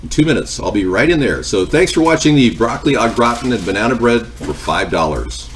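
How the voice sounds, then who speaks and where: A man's voice: medium pitch, animated, fairly quick, a little hiss or hum. A man hosting a live cooking stream from his home kitchen, rambling between the recipe and replies to viewers. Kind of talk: casual live-stream chat.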